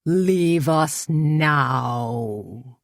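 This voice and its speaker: A woman voicing an angry male cult leader who shouts slowly and forcefully in a storybook reading. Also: low voice, animated, husky, no echo, clean studio sound, full character voice. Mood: furious.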